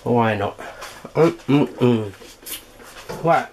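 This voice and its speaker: A man's voice: mid-range voice, lively intonation, very slow, a little mellow, slight background noise. Chatty man hosting a home cooking vlog. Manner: chatty, filler-heavy, eating while talking. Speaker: cooking channel host.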